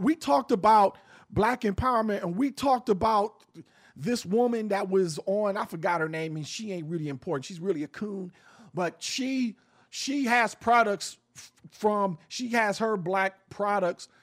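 A man's voice: sits high, unhurried. A man hosting an opinionated talk show, speaking bluntly and emphatically with frequent swearing, often restarting and repeating words as he builds his point.

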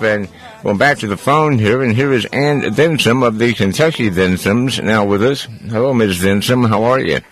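Deep-voiced rambling radio host man. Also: normal speed. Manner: rambling, jokey, chatty. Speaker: radio talk show host. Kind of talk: casual call-in radio chat.

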